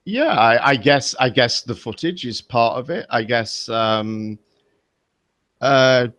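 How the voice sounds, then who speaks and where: A man, a podcast guest, speaking hesitantly in a casual online debate, halting with many fillers and restarts. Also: mid-range voice, expressive, a bit bright, dry recording.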